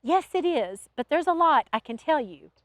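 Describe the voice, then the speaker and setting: Here a woman narrator plays an eager angel-in-training, a young Southern woman whose speech is apologetic and pleading. The pitch stays high with lively, sweeping intonation at a normal speed. It's recorded up close and dry, free of any room sound.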